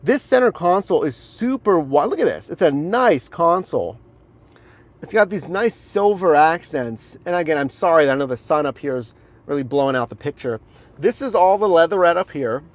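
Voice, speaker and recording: A fairly high-voiced man talks excitedly while walking viewers around a car he films on his phone. He keeps calling the audience guys and gushing about the interior. It is a casual live-stream walkthrough recorded in and around the car. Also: moderate pace. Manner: enthusiastic, chatty, addresses viewers as guys. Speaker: rideshare driver and streamer. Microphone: handheld phone camera.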